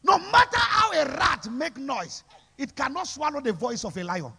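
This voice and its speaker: A man preaching a sermon at a church service, shouting call-and-response lines and repeating phrases over and over. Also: very high voice, sing-song, moderate pace, gravelly, background noise.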